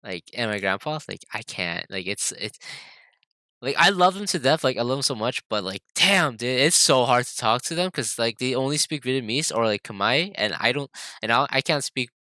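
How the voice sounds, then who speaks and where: A young man co-hosting a podcast, telling a story in a casual, animated way, swearing and acting out quotes. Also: mid-range voice, moderate pace, no room sound. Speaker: podcast co-host. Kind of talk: casual chat.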